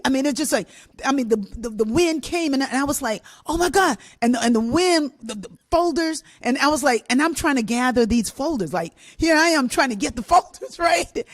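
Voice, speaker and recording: An older woman telling a childhood story on a talk show, animated and laughing, acting out the voices of the people in it. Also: fairly high pitch. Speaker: co-host and musician.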